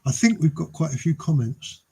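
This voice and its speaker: A man's voice: a little high, expressive, normal speed, creaky, a crowd in the background, poor audio. A man co-hosting a casual video call chat, teasing the others and stumbling over repeated words. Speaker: co-host.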